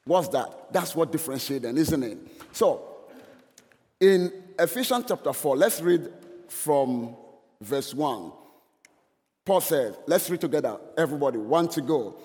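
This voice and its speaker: A man's voice: a little high, animated, unhurried, darkish tone, in a large hall. A male preacher giving a sermon in an earnest, stop-start way, with frequent restarts.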